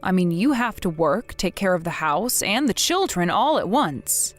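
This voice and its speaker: A woman playing a blunt, widowed older mother who scolds her grown son in a measured, firm way, in a scripted text-message drama. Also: fairly low pitch, sing-song, soft background music. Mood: stern.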